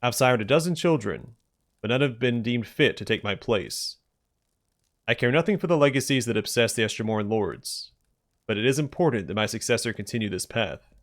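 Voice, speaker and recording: A man reading out the lines of a proud, grim old male tribal chieftain in a stern, measured way. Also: mid-range voice, expressive, natural voice.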